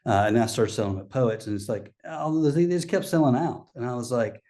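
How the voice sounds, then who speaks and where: A man's voice: mid-range voice, brisk, warm tone. A middle-aged man, a guest chatting casually in an interview, rambling with many fillers and restarts. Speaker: guest, coffee shop owner.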